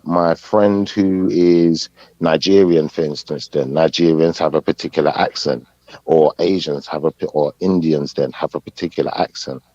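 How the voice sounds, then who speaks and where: Man, very deep voice, dry dull sound, measured and hesitant, podcast panel talk. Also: mellow, no echo. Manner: measured, hesitant, searching for words. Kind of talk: casual live podcast debate. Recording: dull muffled podcast audio.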